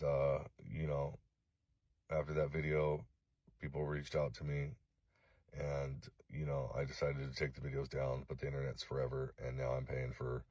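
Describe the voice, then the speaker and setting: A middle-aged man from Los Angeles making a direct-to-camera apology video, halting and remorseful, swearing often. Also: rumbling low, darkish tone, husky, no room sound. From Los Angeles, USA. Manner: halting, remorseful, heavy swearing, frequent fillers. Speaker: vlogger.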